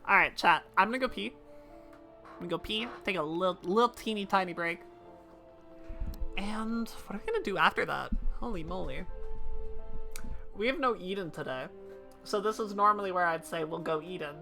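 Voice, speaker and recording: A woman livestreaming a game, chatting casually and excitably with her viewers. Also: fairly low pitch, normal speed, gravelly, pauses often, faint music behind. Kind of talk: casual live-stream chat while gaming.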